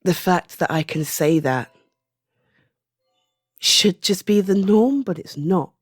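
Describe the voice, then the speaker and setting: British woman, 30s, audio creator: low voice, unhurried, soft and halting, drops to whispers, dry close sound. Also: slightly rough, dry recording. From Britain. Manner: soft-spoken, halting, often trailing into a whisper. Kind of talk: personal opinion monologue.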